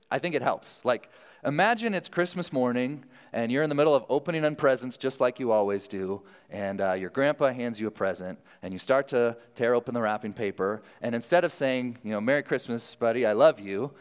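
A man preaching a sermon in a casual, animated style, often restarting his sentences. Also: medium pitch, fairly quick, smooth, big-room sound. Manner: conversational, animated, self-interrupting. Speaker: pastor. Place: church sanctuary.

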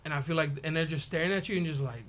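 A young man talking casually with friends in relaxed slang and frequent laughs. His voice sits a bit on the high side. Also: racing. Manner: laid-back, slangy, laughs often. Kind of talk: casual podcast chat.

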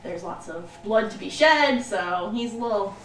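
A woman running a tabletop game as game master, narrating in a relaxed way with frequent laughs. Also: medium pitch, moderate pace. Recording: echoey room, distant mic, hiss.

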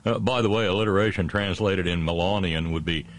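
A middle-aged man hosting a satirical on-this-day history segment, full of puns and sarcastic asides, slowing down for his punchlines. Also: deep voice. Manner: punning asides and sarcastic jabs; slows down for punchlines. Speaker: host of a daily history segment.

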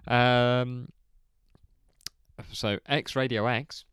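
Man, podcast host, casual chat, smooth clear voice, dry close sound, laid-back, chuckling. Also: mid-range voice, flat delivery, drawn-out words, fairly bright tone, no echo. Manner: laid-back, chuckling, reads out listener answers with many ums.

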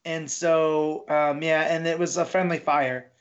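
A man talks about comics on a casual podcast. He speaks haltingly, with fillers and restarts. His voice is a little higher than usual, and the recording sounds dull and lo-fi. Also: level tone. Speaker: podcast co-host. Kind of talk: casual comic book discussion.

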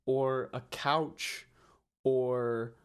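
A man with a mid-range voice chats in a casual podcast. He slips in dry, teasing jokes and deadpan lists. His talk is relaxed and conversational. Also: mid-range voice, extremely slow, smooth. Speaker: podcast co-host. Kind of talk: casual chat.

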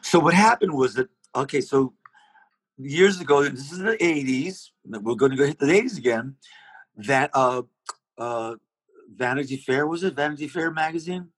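A man's voice: mid-range voice, lively intonation, moderate pace, fairly bright tone, husky, no echo, low-quality recording. A man being interviewed, telling long rambling stories about his singing with many restarts. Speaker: interview guest, singer. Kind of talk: casual storytelling.

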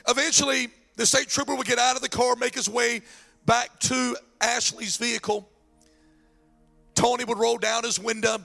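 A man preaching a sermon and telling a story, excitable and repeating words as he builds up, his throat strained. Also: extremely high pitch, normal speed, vocal fry, faint music behind. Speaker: pastor.

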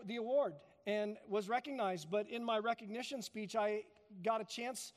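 A pastor preaching a sermon in a church, emphatic, building to loud peaks and then dropping soft. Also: male voice, high-pitched, long reverb tail. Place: church sanctuary.

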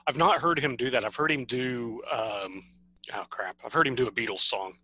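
A man's voice: mid-range voice, moderate pace, bright, forceful tone, poor audio. A man co-hosting a podcast in casual chat, laughing often and reading out band history notes. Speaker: podcast co-host.

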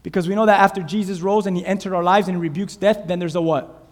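A man preaching a sermon as pastor to a church congregation on a clip-on mic, animated and dramatic, often quizzing the listeners. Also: high voice, racing. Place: church sanctuary. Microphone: clip-on lapel mic. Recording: reverberant church hall.

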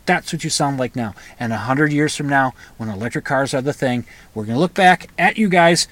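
A man's voice: a little high, fast talker, few pauses, fairly bright tone, dry recording. A man hosting a podcast, talking in a rambling, opinionated monologue with frequent restarts. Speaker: podcast host. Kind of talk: casual monologue.

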